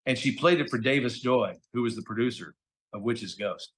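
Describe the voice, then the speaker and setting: A man's voice: medium pitch, normal speed. Chatty, slangy middle-aged man telling stories. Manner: animated, chatty storyteller, slangy with "dude" and "okay?". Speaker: voice actor guest. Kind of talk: casual interview storytelling.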